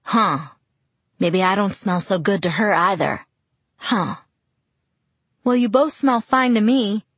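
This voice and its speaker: A woman voicing a calm teenage boy who talks in a quiet, gruff way. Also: mid-range voice, slow pace, pauses often, dry recording. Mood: puzzled.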